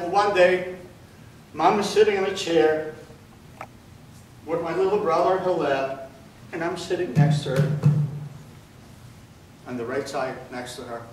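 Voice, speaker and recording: An older man giving a slow, deliberate spoken testimony to an audience, his voice sinking low and quiet at grave moments. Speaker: Holocaust survivor speaker. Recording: echoey hall recorded from far off, faint noise.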